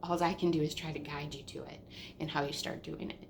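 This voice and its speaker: Low, gravelly woman teaching spiritual ideas. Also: steady tone, fairly quick, slight background noise. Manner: candid, swears casually. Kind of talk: casual spiritual teaching monologue.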